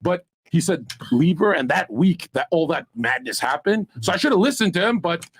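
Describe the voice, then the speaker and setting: Husky-voiced man telling crude stories. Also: on the high side, sing-song, a little fast. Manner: loud, profane and bragging, dropping into gravelly mock voices for quoted people. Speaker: podcast panelist. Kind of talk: crude boastful storytelling.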